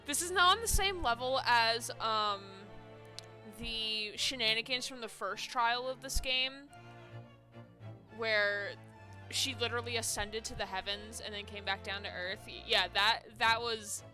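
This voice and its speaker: Fairly high-pitched with a sharp tone, this young woman speaks a little slowly as she plays a game on a live stream from home. Using a headset mic, she chats casually, laughs a lot and makes fun of herself over faint music.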